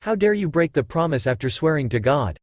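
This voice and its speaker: A man plays a severe old matriarch who talks coldly and gives orders. The pitch is fairly high and lively. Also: a little fast, no room sound. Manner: cold, commanding. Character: stern elderly grandmother, family matriarch.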